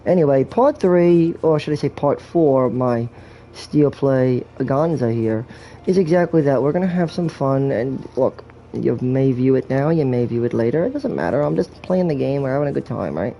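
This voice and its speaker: Rambling, crude-joking game commentator, gravelly, animated delivery. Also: male voice, mid-range voice, moderate pace, a little hiss or hum. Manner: crude, rambling jokes with swearing.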